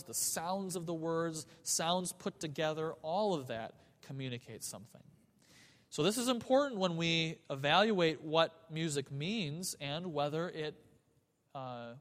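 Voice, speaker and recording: A man's voice: fairly high pitch, long reverb tail. A man teaching a class on church music, earnest, often repeating himself and chanting rhythms aloud. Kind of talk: classroom lecture.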